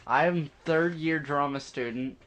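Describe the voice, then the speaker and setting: A man's voice: on the high side, slow pace, a bit bright. A man, a drama student with the hiccups, chatting on a casual podcast and trailing off in fillers. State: has the hiccups.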